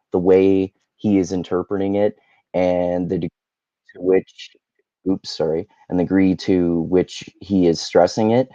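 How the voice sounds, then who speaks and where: A man's voice: low voice, mellow, dry recording, lo-fi sound. A man hosting his own channel, chatting casually through a book review with a rambling, self-correcting, wry manner. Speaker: YouTube host.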